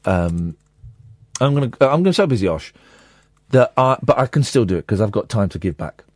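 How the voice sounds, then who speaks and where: A man's voice: on the low side, sing-song, fairly quick, no echo, studio quality. A man hosting a late-night radio phone-in, talking casually and jokily, with mock-sincere readings. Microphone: studio microphone.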